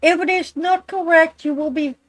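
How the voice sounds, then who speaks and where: A woman's voice: extremely high pitch, steady tone, normal speed, low-quality recording. A Dutch woman with a Dutch accent, chatting bluntly and emphatically on a game stream, swearing now and then. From Netherlands. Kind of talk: casual chat during a game stream.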